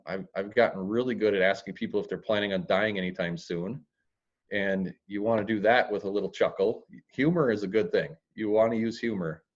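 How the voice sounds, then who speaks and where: A man talking as a guest in an interview about real estate, plain-spoken and blunt, with dry humor and the odd crude word. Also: on the low side. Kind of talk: podcast interview. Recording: dull lo-fi audio.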